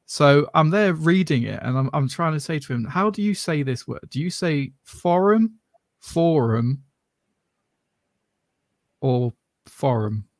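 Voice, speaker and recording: A man's voice: fairly high pitch, lively intonation, normal speed, hardly any pauses, no room sound, clean studio sound. A man from southern England with a mixed English regional accent, talking in a rambling, self-correcting way as a podcast co-host. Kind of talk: casual chat.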